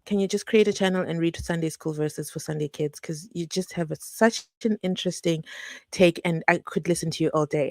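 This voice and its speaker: A South African woman hosts a true crime channel, talking to her live-stream viewers in a fairly low voice at a slightly quick pace. The recording is dry, and she is animated and chatty, breaking into laughter and asides.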